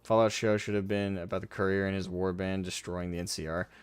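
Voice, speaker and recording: A man's voice: sits low, little pitch movement, brisk, smooth, no room sound, soft background music. A young man chatting casually on a live stream, reading and answering chat with frequent laughs and casual swearing. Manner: laughs often, self-deprecating, swears casually.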